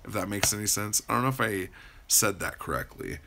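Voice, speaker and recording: A man's voice: fairly low pitch, fairly quick, gravelly, background noise. A man hosting a livestream, rambling casually as he answers viewers' chat and swears freely. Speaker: livestream host.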